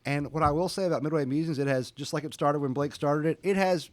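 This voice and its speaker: A man's voice: on the high side, fast, dry recording. A man hosting a local podcast as town mayor, chatting casually and often restarting his words. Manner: chatty, stammers and repeats words. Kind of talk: casual chat.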